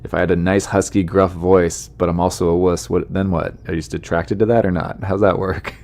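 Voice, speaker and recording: A comedian hosts his own podcast in a loose, rambling monologue. His voice sits very low, and he keeps poking fun at himself while tossing asides to the listeners. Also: flat delivery, brisk, a little mellow, a little hiss or hum. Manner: rambling, self-deprecating, chatty asides to listeners.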